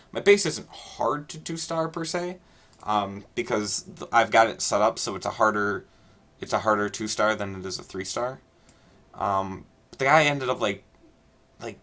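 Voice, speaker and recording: A man's voice: on the low side, a bit bright. A man casually telling a long, rambling story and talking over his gameplay, with many fillers and restarts. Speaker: gaming video creator.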